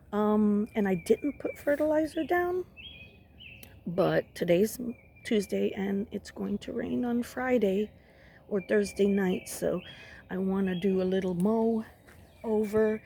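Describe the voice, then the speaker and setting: Woman walking thru her backyard garden on a phone, gravelly mellow voice, lots of ums, faint outdoor hiss. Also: medium pitch. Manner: chatty, rambling, many ums and restarts. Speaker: home gardener giving a garden tour. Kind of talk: casual walking garden tour.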